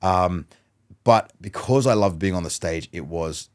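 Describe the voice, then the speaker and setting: A low-pitched man talks in a relaxed podcast chat. He tells lively stories and slips into other people's lines as he goes. His voice sits deep and steady under the anecdotes. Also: unhurried, smooth. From Australia. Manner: animated storyteller who acts out dialogue. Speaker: guest mentalist. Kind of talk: casual podcast conversation.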